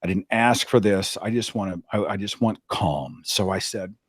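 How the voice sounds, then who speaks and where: A man telling a personal story in a dramatic, animated way, as a guest on an interview. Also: low voice, moderate pace, breathy edge, no room sound, studio quality. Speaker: podcast host, guest. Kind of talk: anecdotal storytelling.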